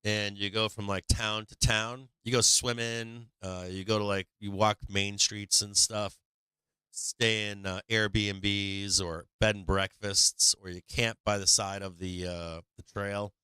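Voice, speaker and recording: A man's voice: fairly low pitch, little pitch movement, measured pace, pushed and bright, clean tone, no echo. An older man hosting a stock market livestream, talking casually with lots of swearing and laughter. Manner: profane, laughing, rambling.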